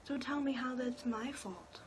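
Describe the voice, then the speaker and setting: A woman's voice: high voice, unhurried, music in the background, rough recording. A woman in her twenties telling a personal story in a casual, rambling way with lots of filler words. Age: 20s. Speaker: vlogger.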